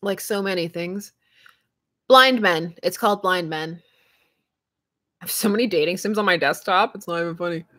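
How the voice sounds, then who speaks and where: A young adult woman chatting casually with her stream viewers, lively and quick to laugh. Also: on the low side. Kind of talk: casual live-stream chat.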